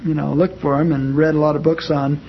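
A man's voice: a little high, flat delivery, a little fast, dull audio, a little hiss or hum. A man teaching an informal class, talking in a conversational way and acting out spoken examples, with frequent fillers.

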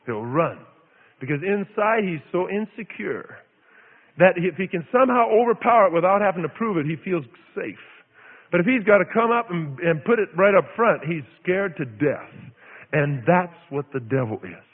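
A man from Idaho preaches with a high, wildly swinging voice, building his story through dramatic repetition. The sound is thin and phone-like, with a long reverb trailing each phrase as if in a large hall. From Idaho, USA. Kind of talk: sermon with storytelling.

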